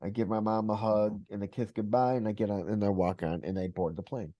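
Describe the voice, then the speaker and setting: Male podcast host, low mellow voice, relaxed conversational storyteller. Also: fairly quick, no room sound, lo-fi sound. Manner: animated retelling with quoted voices. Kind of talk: casual interview, storytelling.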